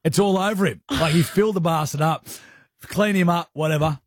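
A young Australian man co-hosting a radio show, telling a funny story in a lively, casual way and acting out sounds. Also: fairly high pitch, a little fast, dry recording, clean studio sound. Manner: animated storyteller, acts out sounds and voices. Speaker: radio co-host. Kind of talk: casual chat. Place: radio studio.

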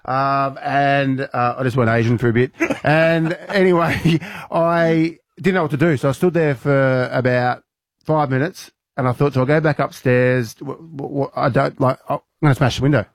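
A man's voice: mid-range voice, normal speed, dry recording. An Australian man, a radio co-host, telling a story with energy and acting out his own lines in a raised voice.

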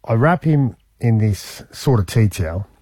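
A man in his forties, a radio host telling a story in a lively, slangy way and acting out what people said. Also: lowish voice, unhurried, husky, dry recording. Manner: animated, slangy, acts out quotes.

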